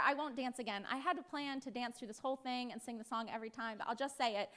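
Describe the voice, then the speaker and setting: A woman's voice: fairly high pitch, animated, a little fast, sharp tone. An American woman pastor preaching a sermon in a playful way, acting out voices now and then. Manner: playful, acts out voices with laughs.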